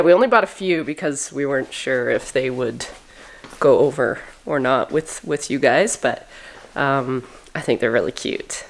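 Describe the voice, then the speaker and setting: A woman vlogging casually about her farm and shop, chatty and quick to laugh. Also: low voice. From Canada. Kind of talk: casual vlog talk.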